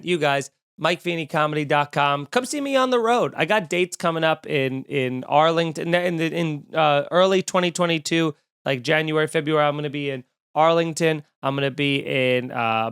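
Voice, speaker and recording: A comedian hosting his podcast, telling a story in a casual, animated way, swearing and acting out what people said. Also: a little high, clean tone, dry recording, clean studio sound. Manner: animated, swearing, acts out quotes.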